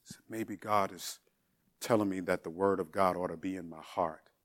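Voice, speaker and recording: A man's voice: low-pitched, steady tone, moderate pace, a bit bright. A man preaching a sermon, telling a story in a reflective, storytelling manner.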